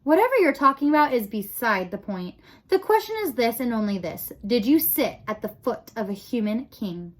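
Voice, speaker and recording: A woman's voice: on the high side, sing-song, normal speed. A woman voicing a stern, worried male head mouse presiding over a trial in a commanding way.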